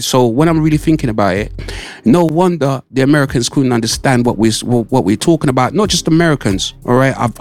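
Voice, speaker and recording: A man's voice: mid-range voice, creaky, darkish tone. Chatty man hosting radio. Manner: chatty, repeats himself, says "all right" and "mate" often. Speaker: radio host. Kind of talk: casual radio chat. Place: radio studio.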